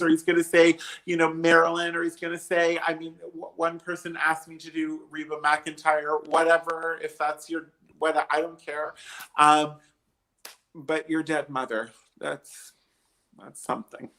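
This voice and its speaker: A drag performer on a livestream video call, telling a story in an animated, emphatic way and acting out each quoted line. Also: male voice, fairly high pitch, normal speed. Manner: chatty, emphatic, swears, acts out quoted dialogue.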